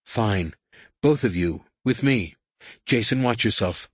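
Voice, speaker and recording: A man's voice: lowish voice, lively intonation, takes it slowly, dry recording, studio quality, voice pushed up. A man voicing a stubborn, commanding woman in an audiobook, firm and clipped.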